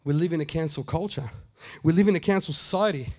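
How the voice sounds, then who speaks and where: A man's voice: a little high, quick pace, mellow. A middle-aged man preaching a conversational sermon, repeating phrases for emphasis and acting out the quotes he tells. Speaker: pastor.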